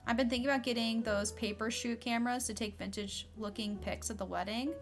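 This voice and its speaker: A woman's voice: a little high, fairly even intonation, brisk, soft background music. A young adult woman streaming a game, chatting casually and filling her speech with "like". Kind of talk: casual chat while playing a game.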